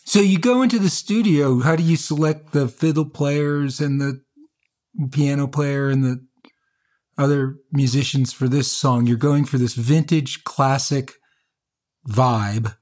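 A man's voice: mid-range voice, a little slow, a little mellow. A man hosting an interview, asking curious, probing questions about music. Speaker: interview host.

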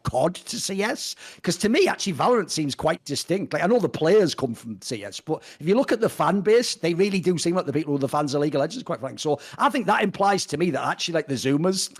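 A man holding forth on a casual podcast, blunt and emphatic, quick to swear. His voice sits a little high for a man and rattles along at a rapid clip. The delivery is loose and opinionated throughout. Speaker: podcast co-host.

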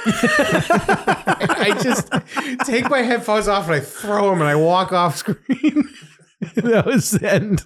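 A man's voice: high-pitched, slow pace, pauses often, husky. A man hosting a podcast in casual chat, telling a story with lots of laughter. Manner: animated storytelling, laughing often. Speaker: podcast host.

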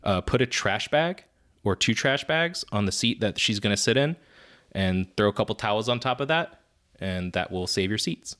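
A man with a low, deep speaking voice, chatting casually on a podcast. He tells stories with energy and often breaks into laughter at his own tales. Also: lively intonation, moderate pace, a bit bright. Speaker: podcast co-host and father. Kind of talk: casual chat.

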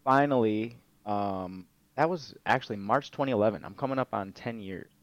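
A man's voice: lowish voice, normal speed, dry recording. A young man telling stories in a casual interview, laid-back and swearing freely with plenty of fillers. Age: young adult. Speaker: guest, MMA fighter and streamer. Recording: dull, lo-fi dry sound.

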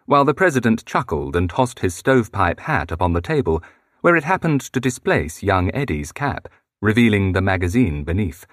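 A man's voice: no echo, studio quality. A man reading a historical novel aloud as an audiobook, shifting his voice for each character. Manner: shifts pitch to voice different characters. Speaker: audiobook narrator.

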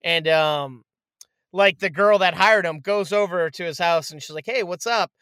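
A man in casual chat, retelling a movie with lively acted-out quotes and frequent swearing. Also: fairly high pitch, normal speed, clean tone, no room sound. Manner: animated storyteller, acts out quotes, swears freely. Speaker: podcast co-host reviewing a movie.

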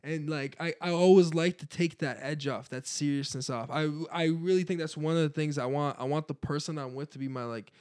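A young man with a slightly raised voice, talking in an animated way and swearing freely. He is on a dry, close microphone in a casual group chat. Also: a little high, a little fast, hardly any pauses, no room sound. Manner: animated, swearing, laughing often. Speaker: podcast host.

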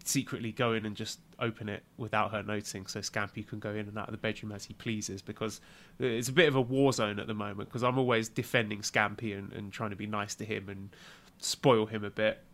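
A man co-hosts a podcast in an easygoing, conversational way. He tells relaxed, affectionate stories about home life in an ordinary mid-range voice. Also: lowish voice, a little fast, few pauses. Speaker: podcast co-host. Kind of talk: casual chat.

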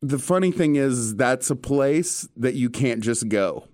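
A man hosting a casual chat, telling stories in an animated way with casual swearing. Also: mid-range voice, measured pace, dry recording, clean studio sound.

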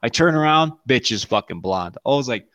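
A man co-hosts a loose, casual podcast chat. His voice sits at an ordinary middle pitch. He tells crude, profane stories and laughs often. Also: expressive, a little fast, fairly bright tone. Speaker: podcast co-host.

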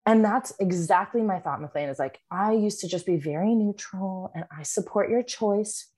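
A woman's voice: mid-range voice, moderate pace, mellow. A woman speaking as a podcast guest, telling stories in a blunt, candid, casual way and swearing freely. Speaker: guest, runs a birth support group. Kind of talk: casual storytelling in a podcast chat. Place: works at a chiropractic office.

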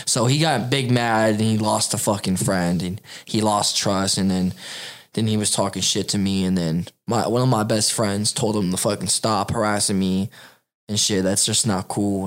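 A man's voice: on the low side, fairly even intonation, moderate pace. A man ranting on a casual podcast, boastful and heavy on the swearing. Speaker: podcast co-host. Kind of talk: casual profane podcast chat.

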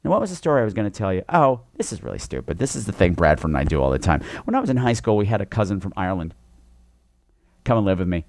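A man's voice: deep voice, very animated, racing, gravelly, no room sound, studio quality. A man hosting a podcast, giving a sassy, profane and exasperated comic movie review.

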